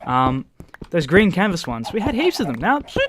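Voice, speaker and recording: A man's voice: high-pitched, wildly swooping pitch, moderate pace, background noise. A man with an Australian accent, rambling casually and swearing freely while he plays a game and chats to his viewers. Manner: rambling, swears freely, talks to the game's chickens. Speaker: gaming YouTuber.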